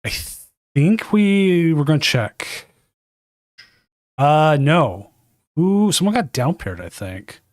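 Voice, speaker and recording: A man's voice: on the high side, sing-song, takes it slowly, long pauses, no echo, clean studio sound. A man hosting and casting a live card game tournament from a home desk, chatting loosely and correcting himself as he goes. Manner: chatty and rambling, self-correcting. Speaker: tournament caster and stream host. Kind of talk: casual live game commentary.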